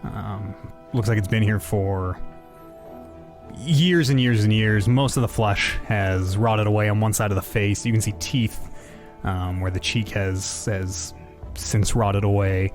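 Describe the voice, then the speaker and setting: A man narrating a tabletop game as game master, hesitant and animated, with many pauses and restarts. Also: lowish voice, soft background music.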